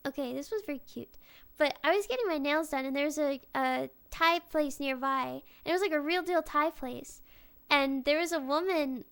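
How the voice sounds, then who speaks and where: A woman's voice: sits high, fairly bright tone. A young woman in casual chat. She rambles, swears freely and restarts her sentences often.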